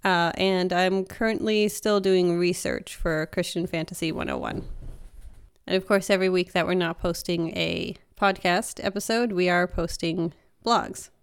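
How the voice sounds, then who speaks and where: A woman's voice: lowish voice, measured pace, clean tone. A woman author co-hosting a casual podcast, speaking in an earnest, thoughtful way. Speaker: podcast co-host and fantasy author. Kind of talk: casual chat.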